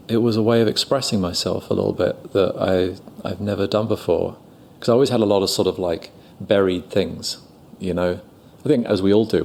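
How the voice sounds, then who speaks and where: A man's voice: on the low side, creaky, a little mellow, a little hiss or hum. A middle-aged man with a London accent, a guest actor chatting in an interview, self-deprecating and full of fillers. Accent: London English. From England. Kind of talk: casual interview storytelling.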